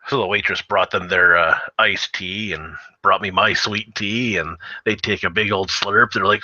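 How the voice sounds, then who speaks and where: A man's voice: low-pitched, normal speed, hardly any pauses, sharp tone, no echo, muffled recording. A man from Canada chatting casually, rambling through stories with many fillers. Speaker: host. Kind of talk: casual chat.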